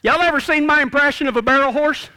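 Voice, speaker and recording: High, bright-voiced folksy cowboy preacher man. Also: quick pace. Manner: folksy, self-deprecating cowboy humor. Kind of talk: humorous storytelling sermon.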